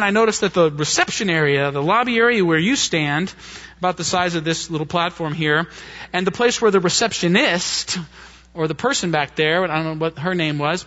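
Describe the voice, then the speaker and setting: A man preaching, telling a personal story in an animated way and acting out the quotes. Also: high voice. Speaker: pastor. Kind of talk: sermon storytelling. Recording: dull muffled lo-fi sound.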